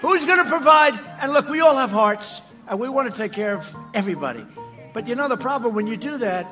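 A man giving a campaign rally speech on a stage microphone, boastful and mocking, repeating himself and often shouting. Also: very high voice, expressive, fairly quick, faint music behind. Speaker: political speaker at a rally. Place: large rally before a crowd.

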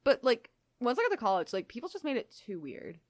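Young woman reading fanfic out loud and rambling, kinda high voice, dry close mic. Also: huge pitch swings, fast, no echo. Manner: chatty, laughing, lots of "like". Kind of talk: reading fan fiction aloud and casual chat.

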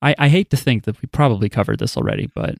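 A man's voice: medium pitch, very animated, fast, gravelly, dry recording, clean studio sound. A man co-hosting a podcast, chatting in a loose, rambling way and cursing casually. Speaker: podcast co-host. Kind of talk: casual chat.

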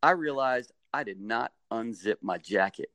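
Animated middle-aged man telling a story. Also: moderate pace, no echo. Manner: animated, acts out quotes with sudden high-pitched bursts. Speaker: guest, stadium mascot performer. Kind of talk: casual storytelling.

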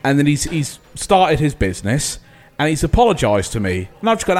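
Lively storytelling man in a pub. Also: fairly high pitch, fairly quick, hardly any pauses. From Portsmouth, England. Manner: laughs while telling stories. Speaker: podcast co-host. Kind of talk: casual pub chat, anecdote.

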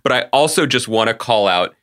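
A man chats on a podcast with a lively voice that swings widely up and down. His tone is bright and forceful, and he laughs and teases his co-host often. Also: medium pitch, fairly quick. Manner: animated, laughing, teasing. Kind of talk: casual chat.

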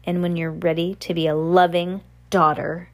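A woman voicing a cold, controlling, button-eyed other mother in a slow, stern, measured way while reading a storybook aloud. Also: on the low side, level tone, close to an everyday voice.

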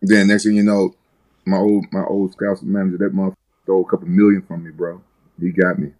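A man from the United States speaks in a fairly low register, laid-back and loose as a talk-show guest. He rambles with frequent restarts and drops swear words freely. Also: level tone, fast talker, darkish tone, low-quality recording. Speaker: guest fighter. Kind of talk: casual interview storytelling.

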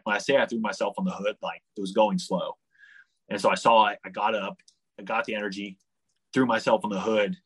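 A young man casually telling a long travel story as a guest, animated and full of "like," acting out the people he quotes. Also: lowish voice, slightly rough, low-quality recording. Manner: animated, leans on "like" a lot, acts out the people he quotes.

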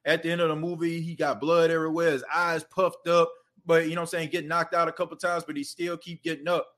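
A man's voice: fairly high pitch, little pitch movement, fast, a bit bright. Chatty man hosting a sports podcast. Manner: loose and conversational, leaning on filler phrases. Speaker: podcast host. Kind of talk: casual sports podcast monologue.

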